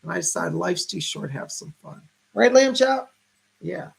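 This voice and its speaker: Gravelly chatty man in his fifties. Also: high-pitched, animated, moderate pace. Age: 50s. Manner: chatty, greets viewers by name, talks to a puppet. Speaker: psychic livestream host. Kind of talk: casual livestream chat.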